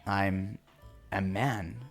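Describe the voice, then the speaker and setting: A man's voice: deep voice, level tone, drawn-out words, soft background music, heavily acted. A man reading a visual novel aloud and voicing a tormented, defiant young captive who pleads and rages. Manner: pleading and angry.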